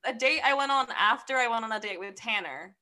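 A bubbly young woman co-hosts a casual podcast, laughing often and tossing in apologetic asides. Her voice is high and bright. She sounds lively and easygoing throughout. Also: fairly quick. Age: young adult. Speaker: podcast co-host.

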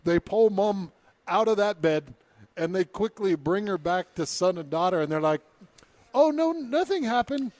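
A man on a talk radio show tells an odd news story to his co-host, reading people's quotes aloud in a put-on British accent. His voice sits a bit higher than most men's. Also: normal speed, a little mellow, no room sound.

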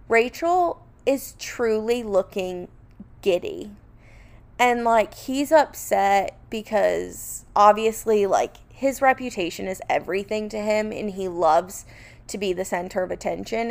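A young woman hosting a podcast, giving casual, sarcastic commentary full of "like" fillers. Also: medium pitch. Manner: sarcastic, animated, many "like" fillers. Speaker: podcast host.

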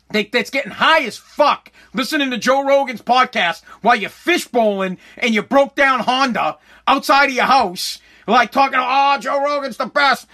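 A man's voice: extremely high pitch, bright, forceful tone. A man hosting his podcast, ranting in a profane, emphatic way, repeating lines for effect and acting out imagined conversations. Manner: acts out imagined dialogue. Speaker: podcast host.

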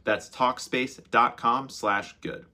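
A man co-hosting a casual podcast chat, who also reads the sponsor ad in a steady, measured way. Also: mid-range voice. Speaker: podcast co-host.

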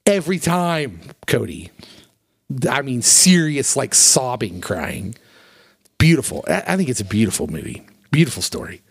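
A man's voice: medium pitch, big pitch swings, normal speed, slightly rough, no echo. A man co-hosting a casual podcast chat. He talks earnestly and emotionally, falling into heartfelt storytelling in a mid-range voice. The recording is dry and close, with no room sound. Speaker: podcast co-host.

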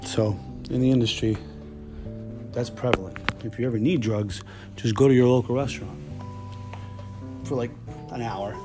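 A man's voice: medium pitch, steady tone, normal speed, long pauses, over music. A man hosting a podcast, telling stories in a casual, blunt and profane monologue. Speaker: podcast host.

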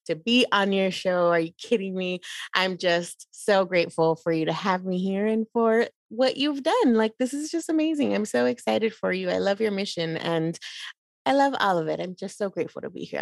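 A woman's voice: medium pitch, moderate pace, vocal fry, no room sound, clean studio sound. A woman from Los Angeles, a podcast guest, bubbly and effusive, switching between English and Spanish. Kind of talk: casual interview chat.

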